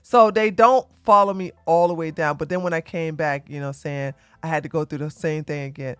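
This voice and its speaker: A woman hosting her own channel, telling a casual story to her audience in an animated way and laughing often as she talks to the ladies. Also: sits low, fairly quick, clear, resonant tone, dry recording. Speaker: commentary channel host.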